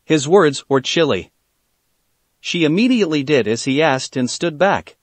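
A man reading a fan fiction story aloud, steady and plain in his storytelling. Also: a little high, unhurried, no room sound. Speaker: narrator.

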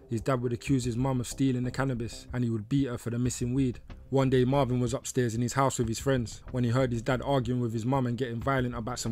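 A man narrating a documentary in a steady, scripted read. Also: mid-range voice. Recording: narration over faint music.

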